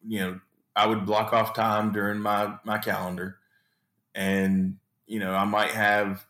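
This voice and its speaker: A man's voice: fairly low pitch, a bit bright, reverberant. A man talking casually as a guest, often repeating words as he searches for them. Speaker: sales trainee guest. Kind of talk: casual chat.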